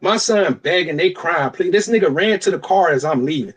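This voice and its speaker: A man's voice: a little high, a little fast, husky. A young adult man co-hosting a podcast, telling a long story in casual, profane chat and acting out the other people's lines. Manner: animated, profane, acts out quotes in other voices. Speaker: podcast co-host.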